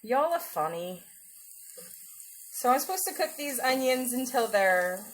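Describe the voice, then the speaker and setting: A woman with a voice on the high side and lively intonation talks a little slowly, with slight hiss or hum in the background. Cooking during a livestream, she chats casually with her viewers, reads the chat, and giggles now and then.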